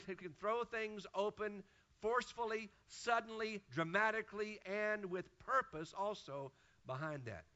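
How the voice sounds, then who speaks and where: Bright-voiced preaching man, lo-fi. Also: fairly high pitch. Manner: emphatic preaching in repeated lists. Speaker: pastor. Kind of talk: sermon. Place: church pulpit.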